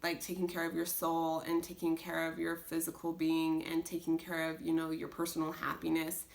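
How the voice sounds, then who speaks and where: A young mother chats to the camera about homeschooling in an earnest, rambling way, looping back with restarts and filler words. Her voice sits a little low for a woman. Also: monotone, moderate pace, creaky. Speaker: homeschooling mom vlogger. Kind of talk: casual chat.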